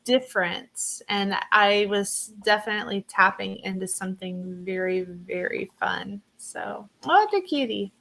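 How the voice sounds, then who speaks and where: A woman joins a live stream as a guest artist and talks about her work. She speaks slowly and softly, pausing to find her words. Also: medium pitch, little pitch movement, vocal fry, low-quality recording. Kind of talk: casual chat.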